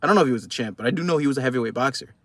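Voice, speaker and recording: A man's voice: mid-range voice, expressive, very fast, a bit bright, no echo. A young man giving heated, profane post-fight boxing commentary in a casual vlog. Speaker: boxing vlogger.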